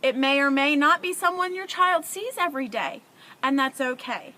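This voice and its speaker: A middle-aged woman who vlogs about parenting speaks to camera with earnest, emotional warmth, offering advice in a conversational way. Her voice sits high, with a sharp tone and a moderate pace.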